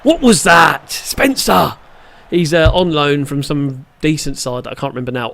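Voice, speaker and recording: A man giving live, excitable gameplay commentary, shouting at the match and muttering in between. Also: a little high, normal speed, gravelly. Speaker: gaming channel host.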